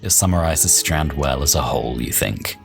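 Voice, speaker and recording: A man's voice: extremely low pitch, moderate pace, vocal fry, music in the background. A young man hosting a let's play, reading game text aloud and chatting in an amused, thinking-aloud way. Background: faint game soundtrack.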